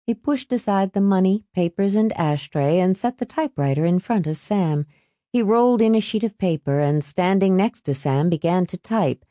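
A woman reading an audiobook in a steady, even scripted narration, close to the mic. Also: mid-range voice, moderate pace, dry recording.

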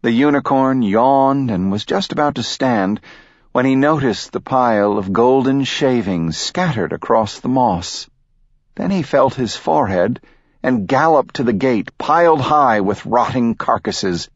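A man narrating a darkly comic animal fable in a dry, measured reading voice. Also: mid-range voice, lively intonation, no echo, highs cut off.

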